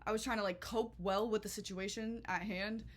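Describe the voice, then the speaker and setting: A young woman telling a storytime vlog in a chatty, animated way, full of swearing and filler words. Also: medium pitch, a little fast. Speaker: vlogger.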